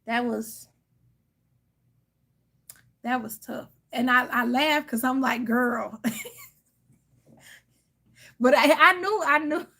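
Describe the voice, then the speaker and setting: A woman's voice: high voice, slow, gravelly, long pauses, sharp tone. A woman tarot reader in a casual, candid chat, speaking emphatically and calling her listeners "y'all" and "honey.".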